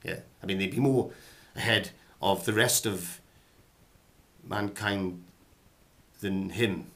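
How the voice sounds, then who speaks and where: A man's voice: low-pitched, takes it slowly, a bit bright. A middle-aged man hosting a comic monologue of acting advice, rambling and hesitant with a theatrical flair.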